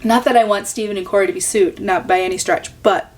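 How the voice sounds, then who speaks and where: A woman's voice: mid-range voice, steady tone, quick pace. A woman hosting a reaction commentary video, exasperated, sarcastic and full of profanity.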